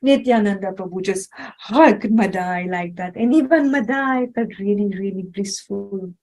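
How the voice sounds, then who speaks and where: A woman's voice: medium pitch, normal speed, low-quality recording. A woman animatedly telling a devotional story to a child, asking her questions as she goes. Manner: animated, questioning, acts out voices.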